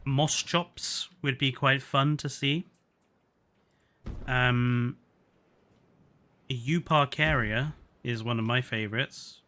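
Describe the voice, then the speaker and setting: Young male streamer, bright tone, loose chatty delivery, tired. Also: medium pitch, fairly even intonation, slow, long pauses. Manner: chatty, laughs often, stumbles over names. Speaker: gaming streamer. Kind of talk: casual live-stream chat.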